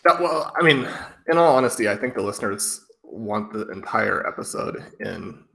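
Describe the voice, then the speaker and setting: A man co-hosting a podcast in casual chat, relaxed, with fillers and repeated words. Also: lowish voice, moderate pace, creaky. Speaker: podcast co-host.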